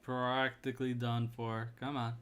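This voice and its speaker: A man running a tabletop game, easygoing and chatty, his voice at a middling pitch. A faint hiss sits behind his voice. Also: measured pace. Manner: relaxed, chatty rules calls with fillers. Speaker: game master.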